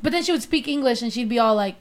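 A woman hosting a podcast, chatting casually, loud and full of swearing, slipping into Spanish. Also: on the high side, animated, fast. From Mexico. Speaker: podcast host. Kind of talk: casual chat.

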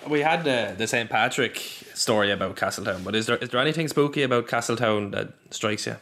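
A man's voice: medium pitch, brisk, fairly bright tone. A man, co-hosting and putting questions to a guest in a light-hearted, joking way. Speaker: podcast co-host. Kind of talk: casual interview questions.

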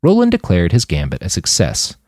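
A man narrating his own fiction with expressive, scripted storytelling. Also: low-pitched, brisk, no room sound, studio quality. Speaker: author and narrator.

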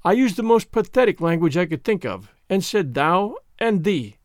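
A man's voice: sits high, very animated, moderate pace, dry recording, studio quality. A man reading as a dramatic romantic girl. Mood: wistful. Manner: flowery, theatrical phrasing.

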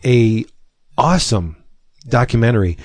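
A man's voice: medium pitch, animated, moderate pace, darkish tone, husky, no room sound. A man co-hosting a podcast in casual chat, joking and stumbling over repeated words. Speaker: podcast co-host.

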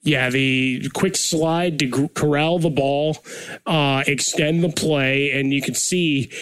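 A man co-hosting a sports show, chiming in with relaxed, joking commentary. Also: on the high side, takes it slowly, slight background noise. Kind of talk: casual sports chat.

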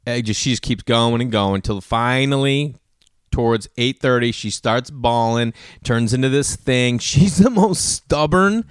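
A podcast host delivers a casual solo monologue, animatedly telling stories, acting out family conversations and swearing freely in a loose manner. His voice is medium-pitched, unhurried and clean, recorded in clean studio sound without echo.

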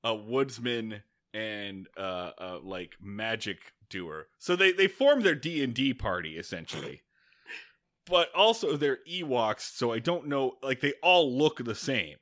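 A man co-hosting a podcast, recapping a film in casual, excitable chat, swearing freely. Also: medium pitch, unhurried. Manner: excitable, swearing, animated retelling with acted-out quotes. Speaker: podcast co-host. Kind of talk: casual movie-review chat.

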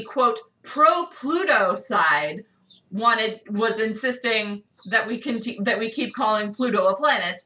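A woman's voice: mid-range voice, pushed and bright, far from the mic. A woman co-hosting a casual podcast chat, explaining at length and laughing often. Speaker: podcast co-host.

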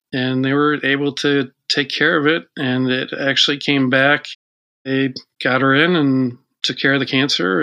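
Man, interview guest, bright voice, plainspoken, halting. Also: medium pitch. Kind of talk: interview conversation.

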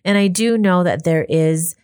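A woman's voice: on the low side, moderate pace, darkish tone, clear, resonant tone. A woman hosting a podcast interview, affirming and engaged with her guest. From Colorado, US. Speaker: podcast host. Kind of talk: interview conversation.

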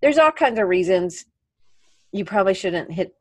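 Woman podcast host, medium pitch, dry close mic, gives her opinions then jumps to the next question. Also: expressive, normal speed, no room sound. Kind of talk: casual interview chat.

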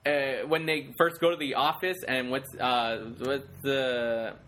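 A man's voice: mid-range voice, fairly even intonation, a little slow, fairly bright tone, a little hiss or hum. A man chatting casually as a podcast co-host, laughing often and acting out movie lines. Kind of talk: casual chat.

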